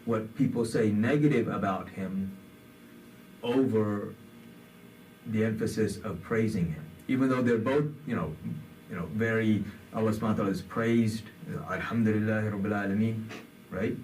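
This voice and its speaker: A man's voice: on the low side, moderate pace, a little mellow, recorded from a distance, slight background noise. A man giving a conversational sermon, with many fillers, in a community center hall. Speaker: imam.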